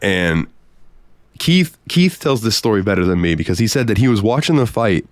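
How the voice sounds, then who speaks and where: A man co-hosting a podcast, telling profane, animated stories in casual chat. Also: lowish voice, normal speed, dry recording, clean studio sound. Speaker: podcast co-host. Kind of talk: casual storytelling.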